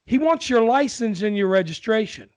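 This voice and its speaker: A man voicing an exasperated elderly husband who shouts to his wife in a joke. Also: high-pitched, lively intonation, moderate pace, voice pushed up.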